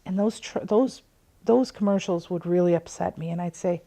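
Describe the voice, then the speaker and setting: A middle-aged woman speaks to her viewers about her spiritual life with an earnest storytelling manner. Her voice is low and mellow. She often softens to a near-whisper to stress a point. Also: normal speed, creaky. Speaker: host of a recovery talk show. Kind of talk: personal spiritual talk to viewers.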